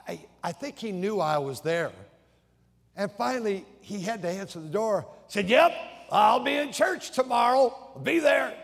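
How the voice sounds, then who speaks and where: An older pastor with a high-pitched, darkish, slightly rough voice delivers a sermon like he's telling a story, often stammering and repeating his opening words. Long hall reverb surrounds him.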